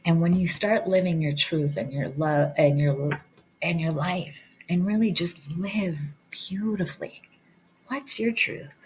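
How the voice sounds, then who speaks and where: Woman, low-ish voice, earnest spiritual coach, faint hiss behind. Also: a little slow, poor audio. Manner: earnest, encouraging, repeats words. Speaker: hypnosis practitioner. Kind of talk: casual spiritual talk.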